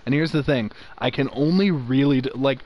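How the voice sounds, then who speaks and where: A young man with a faint Southern accent chatting casually as a podcast host. He jokes a lot, laughs freely and tells stories in an animated way, his voice at an ordinary middle pitch. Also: fairly quick. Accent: slight Southern US. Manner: animated, joking, laughs often. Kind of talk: casual chat while gaming.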